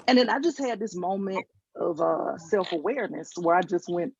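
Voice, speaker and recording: Speaking a little fast with lively intonation, a Georgia woman with a Southern accent delivers a virtual stand-up set, acting out quotes and making self-mocking asides. Her fairly low voice is slightly rough with vocal fry. The video call audio is dull and lo-fi, with no room sound.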